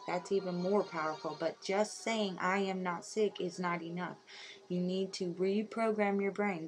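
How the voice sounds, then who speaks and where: A woman's voice: lowish voice, low-quality recording. A woman speaking as a self-styled healer, earnest and insistent, repeating mantras over and over. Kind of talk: inspirational monologue. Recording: loud music behind voice. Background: music.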